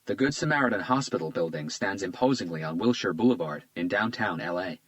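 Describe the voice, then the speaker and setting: A man giving measured, scripted audiobook narration on a close studio mic. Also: sits low, animated, a bit bright, no echo.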